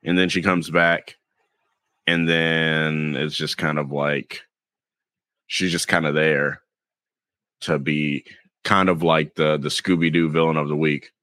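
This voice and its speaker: Very deep-voiced Southern man chatting. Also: no room sound. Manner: relaxed, rambling, puts on quick impressions. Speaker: podcast co-host. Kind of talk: casual chat.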